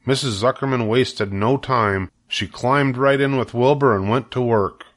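A man's voice: mid-range voice, a little slow, a bit bright. Grandfatherly man reading a storybook aloud. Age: older. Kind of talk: reading a children's book aloud.

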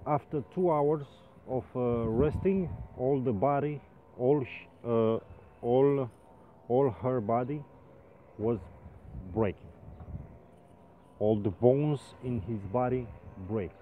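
A man tells a story slowly in halting English, stumbling and restarting as he exaggerates for laughs. His voice comes through thin and phone-like. A faint hiss sits under it. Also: medium pitch. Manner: animated, comically exaggerated telling. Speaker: rope access painter. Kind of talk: casual storytelling vlog. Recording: phone-like sound with faint noise.

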